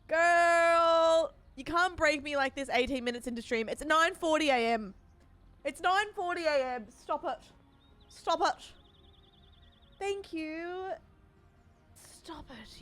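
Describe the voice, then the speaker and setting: A woman's voice: high voice, a bit bright, dry recording. A woman streamer chatting casually and emotionally, giggling, swearing freely and thanking her donors. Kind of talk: casual live-stream chat.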